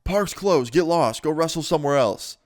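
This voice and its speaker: A man's voice: on the high side, lively intonation, moderate pace, no echo, studio quality, pitched above the performer's own voice, lightly acted. A man voicing an impatient adult male police officer who barks orders brusquely.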